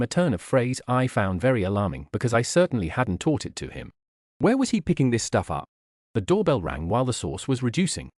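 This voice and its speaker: A man reading a novel aloud as narration, shifting his pitch to voice the characters. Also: darkish tone, no room sound, studio quality. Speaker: audiobook reader. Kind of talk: scripted narration.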